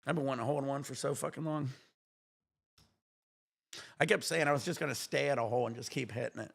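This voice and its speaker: Gravelly excitable man streaming. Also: mid-range voice, fast. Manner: excitable, swearing, breathless exclamations and laughs. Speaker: livestream gamer. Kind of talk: excited casual livestream chat.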